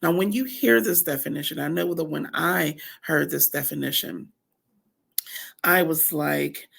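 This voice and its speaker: Woman speaker at a women's camp, lowish husky voice, earnest and emphatic, teaching in repeated lists. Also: measured pace, fairly bright tone. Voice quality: deep, husky morning voice. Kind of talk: faith-based motivational teaching.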